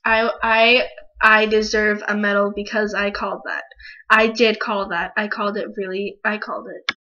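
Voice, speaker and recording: A woman reviewing a manga chapter in a casual video, emotional and excitable, swearing freely. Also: mid-range voice, moderate pace. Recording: dull lo-fi recording.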